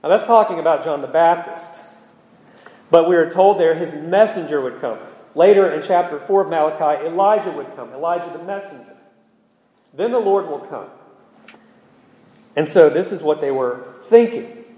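A man delivers an expository sermon in an earnest, emphatic way, his voice a little higher than most. He pauses now and then with ums. The sound rings with a long reverb, as if picked up in a large hall. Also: mellow. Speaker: preacher.

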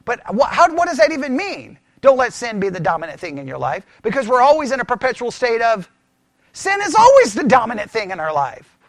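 A man teaching scripture in a conversational sermon, animated and full of rhetorical questions. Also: very high voice, fairly quick, no room sound, clean studio sound. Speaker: pastor teaching.

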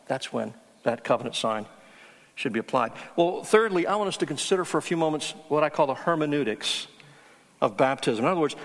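A man's voice: a little high, fairly bright tone, long reverb tail. A man preaching a teaching sermon, earnest and emphatic on key words. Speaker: pastor.

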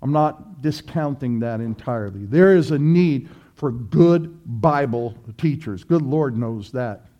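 A man's voice: mid-range voice, expressive, a little slow, warm tone, lo-fi sound. A male pastor preaching an emphatic sermon, repeating his points and asking rhetorical questions.

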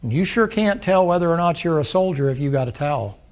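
A man preaching a sermon in a folksy manner, acting out voices and rising to emphatic shouts. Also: on the high side, lively intonation, a little fast.

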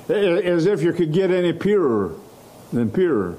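A man preaching a sermon, slow and emphatic, stressing key words and letting out short laughs. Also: on the high side, big pitch swings, warm tone.

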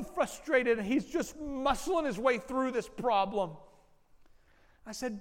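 A man's voice: very high-pitched, lively intonation, slow. A man preaching a sermon as pastor, speaking earnestly and directly to his congregation. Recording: long hall reverb.

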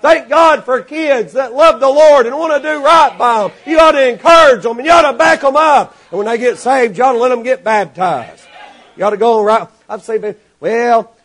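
A man preaching a sermon to his congregation, animated and rising to shouts, acting out the people in his stories. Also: very high-pitched, moderate pace. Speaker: pastor.

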